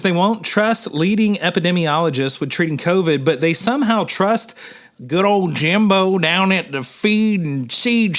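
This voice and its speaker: Animated, emphatic male minister. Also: high voice. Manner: emphatic and animated, addresses listeners as y'all. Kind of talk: humorous sermon commentary.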